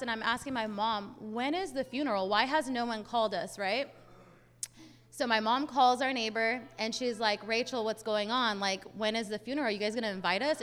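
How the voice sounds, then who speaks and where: High-voiced young woman preaching in hall. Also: a bit bright. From Hispanic family, US. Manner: casual storytelling, many "like" fillers. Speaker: church speaker. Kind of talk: sermon testimony. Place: church sanctuary. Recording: long hall reverb.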